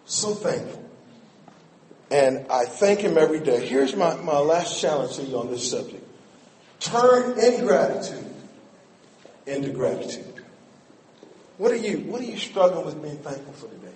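A middle-aged man preaching a sermon in a church, animated, swinging between shouts and quiet asides. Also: on the high side, measured pace, pauses often, a little hiss or hum. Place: church sanctuary. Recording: echoey hall, mic at a distance.

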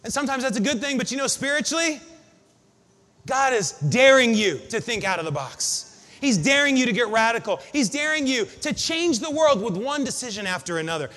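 A man preaching a sermon to his congregation, building up to shouted refrains. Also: extremely high pitch, lively intonation, a little fast. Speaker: pastor. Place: church sanctuary. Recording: long hall reverb.

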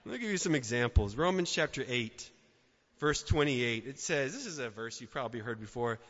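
A man preaching a sermon as a pastor, swinging between loud emphatic outbursts and quiet, soft asides. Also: medium pitch, lively intonation, brisk. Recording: dull sound with long hall reverb.

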